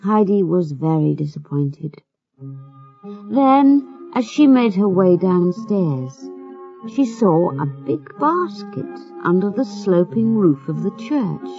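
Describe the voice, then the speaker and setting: Female narrator for a learners' storybook: slow, expressive, low and slightly gravelly. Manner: measured, expressive. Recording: muffled with faint music.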